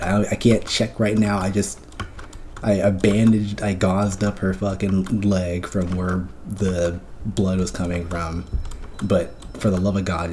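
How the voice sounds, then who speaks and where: A man's voice: low voice, level tone, unhurried, a little mellow, a little hiss or hum. A man streamer in casual chat, recounting a dream in a profane, rambling way with lots of fillers.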